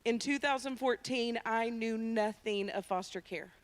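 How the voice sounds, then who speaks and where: A woman from Tennessee, a ministry founder giving a lively, emphatic testimony in a church. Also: a little high, unhurried. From Tennessee, USA. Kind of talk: personal testimony talk. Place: church sanctuary.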